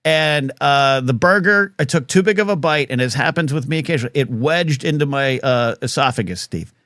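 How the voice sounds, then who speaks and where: A man's voice: mid-range voice, fairly quick, a bit bright, no room sound, studio quality. A man hosting a live talk show, telling a rambling story full of fillers and restarts.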